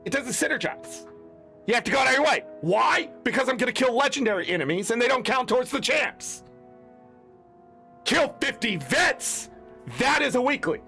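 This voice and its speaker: Male gaming creator, high bright voice, gravelly, exasperated swearing rant over faint music. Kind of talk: ranting commentary.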